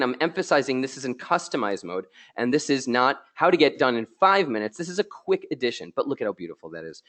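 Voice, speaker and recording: A man hosting a live software tutorial, excitable and chatty, joking with his viewers, a little tired from being ill. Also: medium pitch. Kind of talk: live screen-share tutorial.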